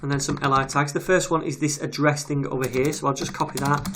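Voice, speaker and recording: A man's voice: on the high side, fairly even intonation, quick pace. Chatty man narrating a coding screencast. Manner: casual, chatty, reads details aloud while typing. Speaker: web development tutor. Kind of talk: screen-recorded coding tutorial. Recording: audible keyboard typing noise. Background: keyboard clicks and typing.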